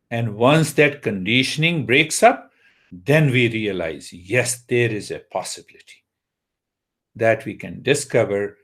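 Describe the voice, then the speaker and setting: Slow-speaking male meditation teacher. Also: on the low side, creaky, fairly bright tone. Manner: unhurried, asks listeners rhetorical questions. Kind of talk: spiritual talk on meditation.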